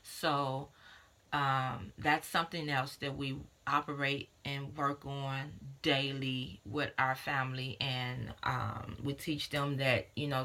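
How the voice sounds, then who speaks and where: A woman in her thirties speaks to her viewers in an earnest, casual way, often pausing on fillers and repeating herself. Her voice sits low and has a gravelly fry, yet it carries a bright, forceful edge. She talks as a doula sharing parenting tips. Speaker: doula and vlogger. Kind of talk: casual talk to camera.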